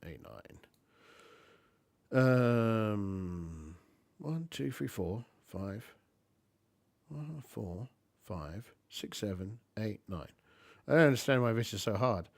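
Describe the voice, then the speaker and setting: A man playing a tabletop game solo and thinking aloud, halting and muttering as he counts points. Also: lowish voice, very animated, gravelly, no echo. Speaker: solo tabletop player and narrator.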